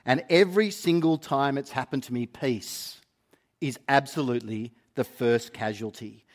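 A middle-aged man from Australia preaching a sermon as a pastor, telling a self-mocking story in an animated way. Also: medium pitch, moderate pace.

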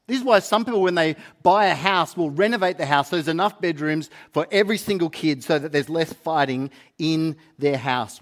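A middle-aged man from Australia preaching a sermon as a pastor, telling a self-mocking story in an animated way. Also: a little high.

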